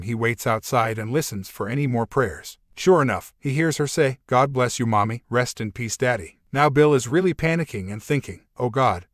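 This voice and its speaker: A man narrating scripted jokes in an even storytelling delivery. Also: medium pitch, dry recording, studio quality. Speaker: joke narrator.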